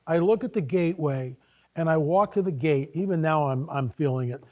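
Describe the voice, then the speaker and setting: A man guest on a talk show, telling a personal story in a casual, animated way and acting out his own dialogue. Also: on the high side, moderate pace. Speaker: guest speaker.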